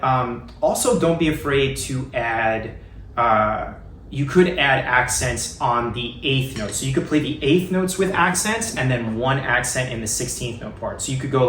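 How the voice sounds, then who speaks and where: A man talks through a drum lesson in a relaxed, rambling way, filling gaps with ums and restarting his sentences. His voice sits at a middle pitch. It sounds roomy and set back from the mic, with faint ambience behind him. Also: a little slow, far from the mic, slight background noise. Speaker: drum teacher. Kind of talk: casual spoken lesson.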